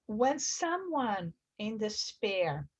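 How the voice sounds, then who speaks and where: Her pitch swings widely and she speaks extremely slowly. An earnest religious study teacher, she reads passages aloud, explains them, and acts out quoted screams with high bursts.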